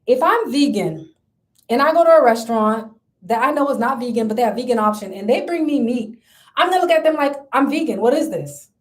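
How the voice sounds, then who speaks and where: A woman's voice: high-pitched, lively intonation, fairly quick, low-quality recording. A young woman vlogger giving casual dating advice in a sassy, emphatic way, often calling the viewer girl.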